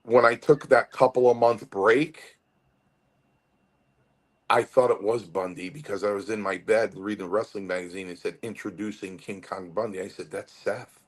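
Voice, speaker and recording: A man's voice: lowish voice, normal speed. A man in his fifties, from Connecticut, telling a long wrestling-school story in an interview with many restarts. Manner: rambling, animated storytelling with restarts. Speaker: guest wrestler.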